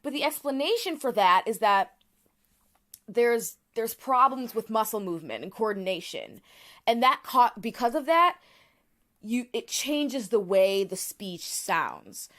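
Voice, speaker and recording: A woman's voice: fairly high pitch, expressive, unhurried, a bit bright. A woman co-hosting a podcast, explaining a topic in casual chat with frequent restarts and fillers. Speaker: podcast co-host.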